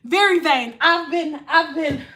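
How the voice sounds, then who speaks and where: Woman in her 30s, livestream chat, high voice, sing-songy then quiet murmuring. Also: unhurried. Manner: animated, sing-song, drops to soft murmurs. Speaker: livestream host. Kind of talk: casual livestream chat reading comments.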